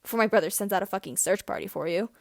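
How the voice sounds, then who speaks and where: A woman reading as a soft-spoken teenage boy. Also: mid-range voice, no echo, studio quality, lightly acted. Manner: quiet, slow.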